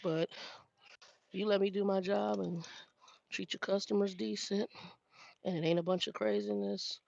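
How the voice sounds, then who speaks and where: A woman's voice: mid-range voice, steady tone, normal speed, creaky, darkish tone, dry recording. An older woman, a truck driver, chatting casually with viewers in a frank, exasperated way, restarting sentences often. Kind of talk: casual chat with live viewers. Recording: dry, dull lo-fi sound.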